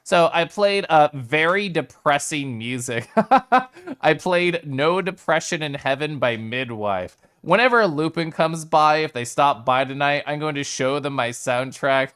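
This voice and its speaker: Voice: medium pitch, sing-song, slow, a bit bright, clean tone. A live streamer chatting casually with viewers in a playful way, laughing often and greeting viewers by name.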